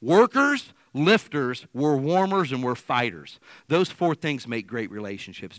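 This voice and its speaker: A male pastor preaching in a church, his bright voice leaping up and down in pitch as he acts out the people in his story. The sound is close and dry. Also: measured pace, hardly any pauses, no echo. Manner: animated storyteller acting out quoted dialogue. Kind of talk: sermon with storytelling.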